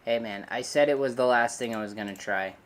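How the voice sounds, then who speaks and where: A man's voice: medium pitch, brisk. A man hosting a casual livestream from his hobby room, rambling and joking while he fixes his camera and talks to his dog. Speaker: livestream host.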